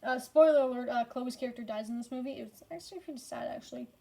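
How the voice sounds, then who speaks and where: A woman's voice: fairly high pitch, quick pace, vocal fry, warm tone. A tired woman casually ranking movies in a rambling, profane way, full of fillers and frequent swearing. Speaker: movie reviewer.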